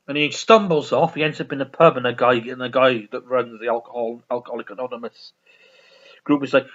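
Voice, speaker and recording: Rambling, swearing man with a lively voice. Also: fairly high pitch, normal speed. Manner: rambling, profane, laughing. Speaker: vlogger. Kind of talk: casual chat reviewing a sitcom. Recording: dull lo-fi recording.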